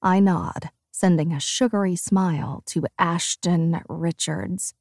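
A woman narrating a first-person audiobook with expressive, lively storytelling. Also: fairly low pitch, takes it slowly, creaky, dry recording, clean studio sound.

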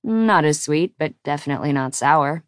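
A woman's voice: sits low, lively intonation, normal speed, smooth, dry recording, pitched below the performer's own voice. A woman voicing a confident, teasing man who banters smugly with his lover. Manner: dry, smug banter.

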